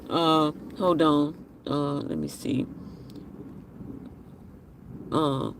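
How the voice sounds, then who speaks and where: A man's voice: fairly high pitch, fairly even intonation, extremely slow, a bit bright, distant mic, a little hiss or hum. A man hosting a casual live stream, chatting and reading viewer comments aloud with an apologetic manner. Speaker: livestream host.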